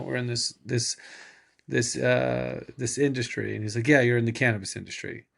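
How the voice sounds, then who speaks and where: A man's voice: medium pitch, normal speed, vocal fry, fairly bright tone. A man guest telling a casual anecdote, acting out the dialogue as he goes. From California, USA. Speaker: podcast guest. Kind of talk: casual storytelling.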